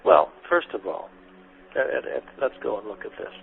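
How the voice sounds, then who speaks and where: Man with a gravelly voice on a tinny radio line. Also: on the low side, lively intonation, moderate pace. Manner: soothing, repetitive, addresses listeners as honey and sweetie. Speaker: spiritual teacher answering listener questions. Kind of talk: gentle spoken guidance and Q&A. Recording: phone-like lo-fi radio recording with faint noise.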